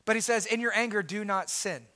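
A man delivers a sermon as pastor with a high, bright, forceful voice. He swings from loud, emphatic declarations to hushed, intense asides. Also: fairly quick.

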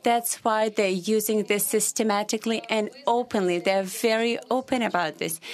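Female speaker, mid pitch, earnest and emphatic formal address. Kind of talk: formal speech.

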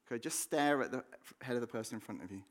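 Conversational English preacher, easygoing pitch. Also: male voice, lively intonation, fast talker. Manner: conversational, jokey, restarts with repeated words. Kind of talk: sermon. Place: church hall.

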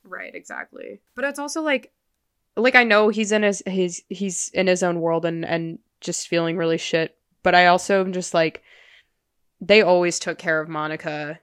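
A woman's voice: on the low side, fairly even intonation, moderate pace, fairly bright tone, clear, resonant tone. A woman co-hosting a podcast, chatting casually and emphatically about a TV show with strong opinions. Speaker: podcast co-host. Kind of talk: casual recap chat.

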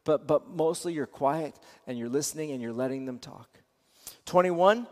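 A man with a notably high voice gives earnest sermon-style teaching. He repeats his phrases and often restarts mid-sentence. His voice carries a long reverb, as if in a large hall. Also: unhurried, dark tone.

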